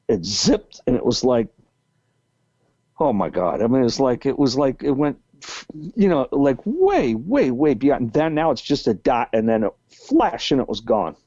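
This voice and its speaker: A man's voice: medium pitch, a little mellow, no echo. A man in his sixties with a New England accent, a guest telling a long story in a rambling way, full of restarts. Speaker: podcast guest. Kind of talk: storytelling interview. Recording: muffled lo-fi call audio.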